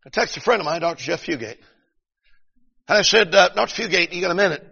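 A middle-aged man preaching a revival sermon, swinging between shouted peaks and hushed storytelling. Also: high voice, lively intonation, quick pace, gravelly, husky. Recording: dull recording in a long-reverb hall.

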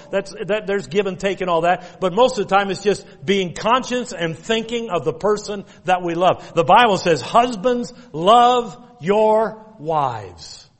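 A middle-aged man preaching a sermon, telling folksy stories and repeating commands with emphasis. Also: high-pitched. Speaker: pastor. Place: church sanctuary. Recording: long reverb of a church hall.

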